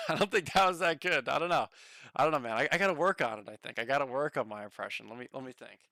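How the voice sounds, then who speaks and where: A man casually chatting on a stock market livestream, excitable, swearing now and then and reading the chat aloud. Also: medium pitch, fast talker, no room sound.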